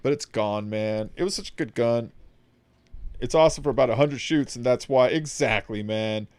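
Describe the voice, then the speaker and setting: A young man streaming a video game, chatting in a rambling, excitable way and swearing freely. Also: mid-range voice, normal speed, clean tone, no echo. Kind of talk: casual gaming commentary.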